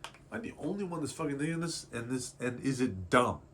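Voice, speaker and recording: A man's voice: medium pitch, very animated, brisk, a bit bright. A man in his twenties talking candidly in a confessional vlog, rambling and self-doubting, swearing casually as he works through his feelings. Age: 20s. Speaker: artist vlogger. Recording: faint background noise.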